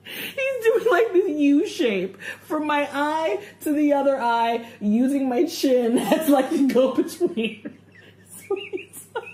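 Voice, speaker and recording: A woman's voice: sits high, expressive, slow pace, darkish tone, a little hiss or hum. A woman teasing her partner on a podcast, giggling often as she retells a story with exaggerated outrage. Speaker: podcast co-host. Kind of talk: casual comedic banter. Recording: echoey room.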